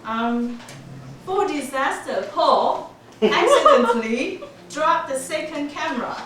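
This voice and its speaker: Woman in her 40s giving a club speech, slow, laughs a lot, echoey room far from the mic. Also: sits high, crowd noise. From Taiwan. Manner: laughs often, lively telling with small grammar slips. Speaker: club speaker. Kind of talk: prepared storytelling speech. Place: meeting room.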